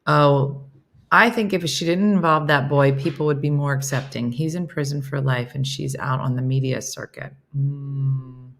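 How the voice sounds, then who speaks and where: A woman's voice: rumbling low, steady tone, moderate pace. A woman hosting a casual morning livestream, chatting and reading viewer comments aloud in a self-mocking way. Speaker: host of a morning livestream chat show.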